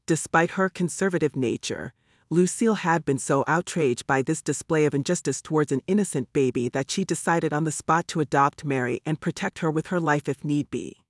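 A man with a voice on the high side narrates an audiobook in a measured, even storytelling manner. The recording is studio quality with no room sound.

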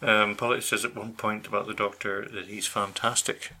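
Low, bright-toned man, co-host, dry teasing banter. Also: level tone, moderate pace, a little hiss or hum. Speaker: podcast co-host. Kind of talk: casual chat.

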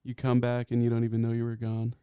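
A man's voice: medium pitch, completely flat delivery, quick pace, mellow, smooth, dry recording. A man in playful, enthusiastic comedic banter.

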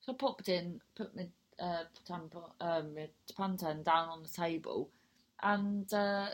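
A woman's voice: lowish voice, unhurried. A young woman telling a rambling, sweary personal anecdote in a casual chat, breaking into laughter and digressions.

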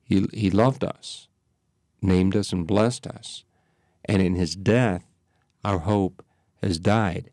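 Deep gravelly priest, slow and measured. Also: male voice, darkish tone, no room sound, studio quality. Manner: slow, measured phrasing with pauses. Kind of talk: reflective spiritual talk.

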